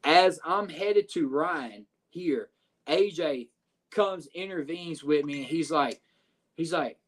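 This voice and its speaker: A man, a podcast guest telling a story in a profane, animated way with lots of filler phrases. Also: fairly high pitch, takes it slowly. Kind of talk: casual storytelling.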